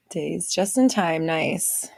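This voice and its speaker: A woman hosting a livestream from a home setup, speaking slowly into a close, dry microphone. Her voice has a gravelly fry to it, and she is chatty and playful as she greets her viewers. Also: lowish voice, dry recording. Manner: chatty and playful, reads out viewer names and laughs often. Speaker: host of a livestream show. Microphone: visible desk microphone on an arm.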